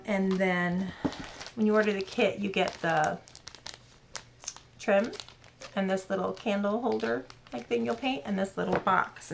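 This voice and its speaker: A woman's voice: medium pitch, creaky, a little hiss or hum. A woman hosting her own crafting channel, showing her latest patterns in casual, rambling chat full of fillers and self-corrections. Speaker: cross-stitch channel host. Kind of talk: casual show-and-tell chat.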